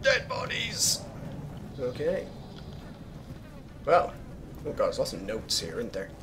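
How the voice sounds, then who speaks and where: A man's voice: lowish voice, big pitch swings, unhurried, background noise. A young man giving casual, rambling game commentary as a let's play host, sarcastic and swearing freely.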